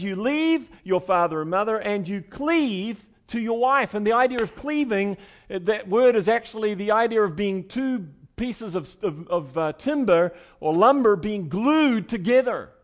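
High-voiced man preaching a sermon. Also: animated, normal speed. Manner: conversational preaching, swinging from soft asides to loud emphatic bursts. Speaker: pastor.

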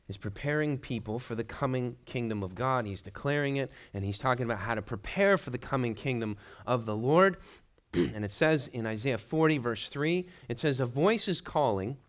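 A man preaching a verse-by-verse sermon, reading scripture passages aloud and explaining them, now and then clearing his throat. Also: mid-range voice, moderate pace. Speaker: pastor. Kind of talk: expository sermon.

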